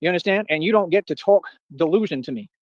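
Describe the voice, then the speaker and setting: On a livestream, a man launches into a boastful, confrontational rant against his critics, repeating "what are you talking about" as he challenges them. His high-pitched voice is expressive and fast, recorded with dull audio and no room sound.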